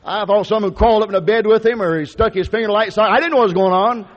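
A man's voice: high-pitched, very fast. A man preaching a sermon, telling a story in a folksy, conversational way with frequent restarts. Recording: lo-fi recording with long hall reverb.

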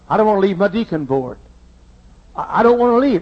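A middle-aged male pastor from Texas, preaching from a pulpit in a large church, swinging from hushed confession to shouted preaching. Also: sits high, animated, fairly quick, long pauses. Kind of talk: emotional sermon storytelling. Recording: muffled lo-fi sermon tape.

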